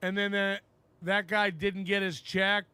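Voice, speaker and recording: A male co-host on a casual livestream, dry and joking as he reads out viewer messages. His voice is high, bright and crisp. The sound is close and dry. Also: level tone, measured pace, dry recording. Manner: wry, joking, reads chat messages aloud.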